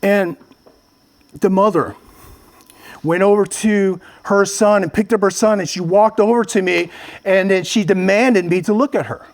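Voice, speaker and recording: A man's voice: high-pitched, measured pace. A man from Vietnam giving a public talk, telling a personal story earnestly and addressing the audience directly. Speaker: motivational speaker. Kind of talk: public speech.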